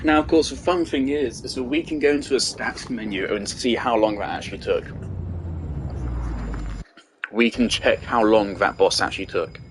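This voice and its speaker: A man's voice: mid-range voice, moderate pace, slight background noise. A young man giving angry gameplay commentary, ranting and swearing heavily. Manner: furious ranting, heavy swearing. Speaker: gaming video creator.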